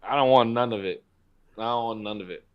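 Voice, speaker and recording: A man's voice: mid-range voice, fairly quick, clear, resonant tone, highs cut off. A man co-hosting a podcast in casual chat, telling stories emphatically and swearing freely. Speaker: podcast co-host.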